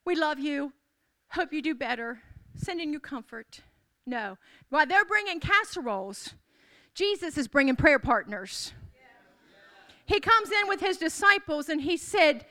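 Very high, bright-voiced woman preacher. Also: animated, normal speed. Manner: preaching with rising, declaring emphasis and repeated calls. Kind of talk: sermon.

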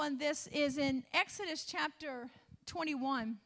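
High-voiced woman preaching emphatically. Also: normal speed, sharp tone. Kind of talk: sermon.

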